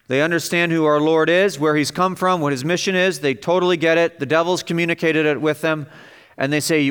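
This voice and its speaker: A man's voice: a bit bright, clear, resonant tone. A man preaching an expository sermon in an emphatic way, his voice rising as he stresses vivid passages. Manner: emphatic, rises in pitch and volume on vivid passages.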